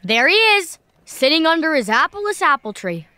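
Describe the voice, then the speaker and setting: A woman's voice: high voice, very animated, moderate pace, pushed and bright, dry recording, full character voice. A woman voicing Max, a cheeky, impatient kid adventurer in a children's audio drama. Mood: playful. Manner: wisecracking, impatient.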